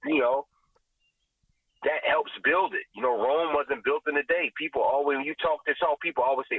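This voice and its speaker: A man's voice: fairly high pitch, brisk, slightly rough, no echo. A man, a guest who runs a vegan restaurant, speaking in passionate, preachy podcast commentary and often asking "you know what I'm saying?". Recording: tinny phone-like line, dry.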